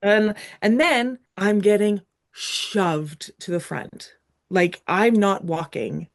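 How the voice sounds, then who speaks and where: A woman's voice: mid-range voice, takes it slowly. A woman guest on a podcast telling a personal story with feeling, acting out what she said back then. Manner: animated, acts out her own past lines.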